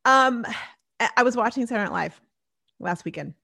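A woman's voice: on the high side, animated, fairly quick, gravelly, bright, forceful tone, slightly rough. A woman hosting her own podcast, talking alone in a bubbly, chatty way and laughing often at herself. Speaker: podcast host. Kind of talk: casual solo podcast monologue.

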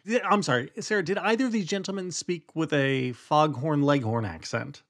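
A man's voice: on the high side, normal speed, fairly bright tone. A man in casual political chat on a podcast, wry and joking.

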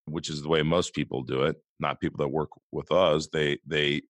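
A man's voice: a bass voice, level tone, normal speed, no room sound. A man with a West Coast American accent, co-hosting a podcast in casual chat and often asking rhetorical questions. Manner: conversational, asks rhetorical questions. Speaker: podcast co-host.

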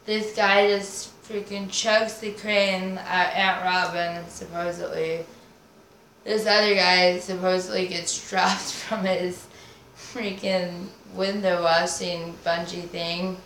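A woman's voice: lowish voice, level tone, slow, a bit bright. Rambling, swearing woman in a roomy echo. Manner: rambling, swearing, invents nonsense words. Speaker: podcast guest. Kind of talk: casual rambling chat. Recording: roomy echo, faint noise.

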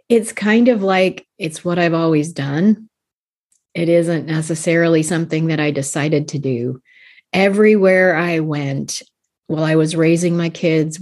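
A woman in her fifties talks about her coaching work in a relaxed podcast chat. Her voice sits a little low for a woman, and she speaks earnestly, breaking into light laughs between thoughts. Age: 50s. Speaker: life coach guest. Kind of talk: casual podcast interview.

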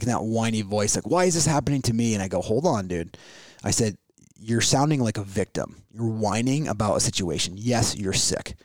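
A man's voice: on the low side, no echo. A middle-aged man hosting a podcast, talking casually in a loose, rambling way with many fillers and restarts. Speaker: podcast host. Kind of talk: casual conversational chat.

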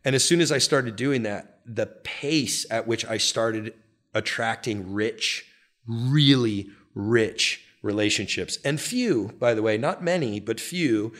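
A man speaking candidly as an interview guest, earnest and animated, sometimes rising into excited bursts. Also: fairly low pitch, a little slow. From United States. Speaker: guest, real estate brokerage founder.

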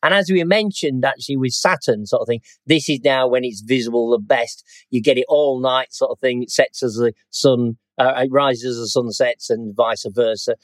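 A man's voice: medium pitch, normal speed, few pauses, no room sound. A middle-aged man chatting about the night sky as a podcast co-host, rambling and tossing in "sort of thing". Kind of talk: casual chat.

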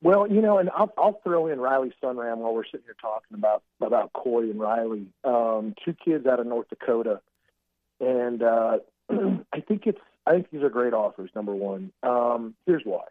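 A man on a phone call, a recruiting analyst chatting casually as a guest and telling rambling, animated stories. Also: mid-range voice, moderate pace, dry recording. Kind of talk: casual podcast chat by phone. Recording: dry tinny phone line.

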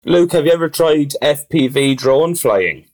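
A man's voice: a little high, animated, unhurried, darkish tone. A man in casual chat, teasing his co-hosts. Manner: teasing, chatty. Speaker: podcast co-host.

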